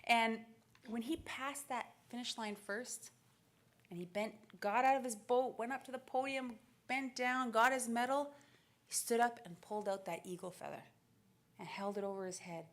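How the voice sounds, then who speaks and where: A woman in her thirties from Canada, giving an animated, story-driven keynote speech at a conference, laughing often and acting out the dialogue. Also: fairly high pitch, normal speed. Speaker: keynote speaker. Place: conference stage.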